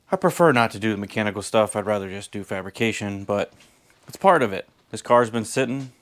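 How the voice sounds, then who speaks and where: Laid-back man, low smooth voice. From Virginia. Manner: rambling, laid-back, self-deprecating. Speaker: vlogger building a lowrider. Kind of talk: casual garage vlog intro.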